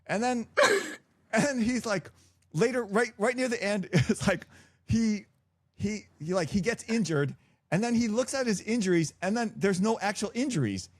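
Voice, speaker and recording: Ranting high-voiced middle-aged man. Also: expressive, no echo, studio quality. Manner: ranting, halting, laughing through restarts. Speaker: podcast co-host, father. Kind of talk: casual chat.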